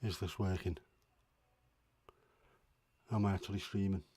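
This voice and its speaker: A man's voice: low-pitched, fairly even intonation, a little slow, mellow, breathy edge, dry recording. A middle-aged man hosting a livestream from home, chatting casually in a grumbling, self-deprecating way. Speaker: livestream host. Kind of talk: casual chat.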